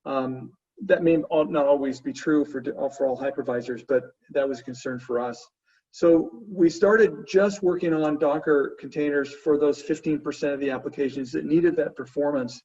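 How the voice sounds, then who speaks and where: A man answering webinar questions as a panelist, halting, with frequent fillers and restarts. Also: on the high side, mellow. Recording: distant, muffled remote audio.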